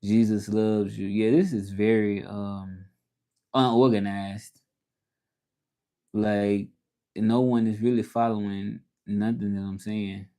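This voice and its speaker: This man speaks at a fairly low pitch with a flat, slow, mellow delivery. He's hosting a casual livestream from his home in Mexico, rambling, restarting his sentences, and reading chat comments aloud.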